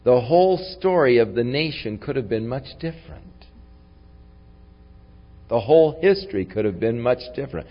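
A man preaching a sermon, reflective in tone and rising to forceful when he reads scripture aloud. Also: medium pitch, lively intonation, normal speed, pauses often. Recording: long hall reverb, dull lo-fi sound.

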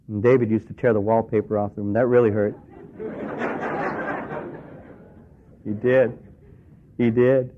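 A middle-aged male pastor preaching a sermon in a conversational way, acting out the voices of the people he quotes. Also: on the low side. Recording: tinny phone-like radio broadcast.

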